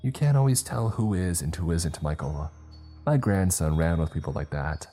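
A man voicing a nosy, sharp-tongued elderly woman neighbor who scolds and judges. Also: sits low, expressive, moderate pace, soft background music. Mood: scolding. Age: older.

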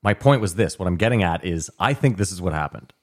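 A man's voice: deep voice, expressive, fast talker. A man from Canada telling a long, rambling story on a casual podcast, acting out the people in it. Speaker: podcast co-host. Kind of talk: casual chat, long anecdote.

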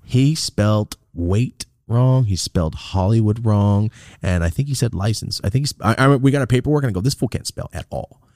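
A podcast host in his thirties tells a story casually, swearing a lot and animatedly voicing the people in it with big pitch jumps. He talks at a moderate pace in studio-quality audio with no room sound.

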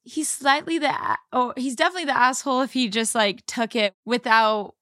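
A woman's voice: on the high side, brisk, sharp tone, no room sound, clean studio sound. A woman co-hosting a podcast, chatting casually with frequent laughs and "like" fillers. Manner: giggly, lots of "like" and laughs. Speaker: podcast co-host. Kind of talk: casual chat.

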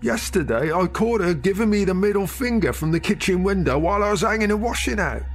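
A man's voice: sits high, animated, a little fast, soft background music, voice pushed up. A man voicing a worn-out middle-aged uncle near tears, weary and defeated. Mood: despairing. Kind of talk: audio drama narration.

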